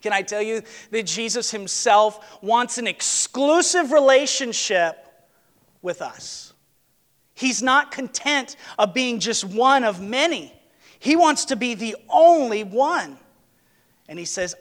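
A man's voice: very high voice, animated, slow pace, fairly bright tone, big-room sound. A man preaching a sermon in a church, earnest and emphatic, repeating his key words. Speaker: pastor. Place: church sanctuary, on a platform.

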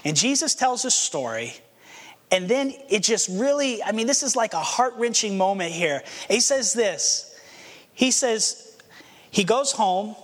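High-voiced preacher in a reverberant church. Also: male voice, very animated, measured pace. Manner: earnest, storytelling, acts out the scenes. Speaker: pastor. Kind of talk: sermon. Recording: long hall reverb.

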